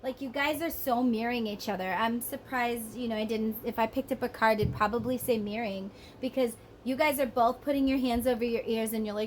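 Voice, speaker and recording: A woman's voice: on the high side, steady tone, fairly quick, few pauses, a little mellow, a little hiss or hum, rough recording. Chatty Southern woman reading tarot. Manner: chatty, rambling, acts out voices. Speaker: tarot reader. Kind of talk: casual psychic reading monologue.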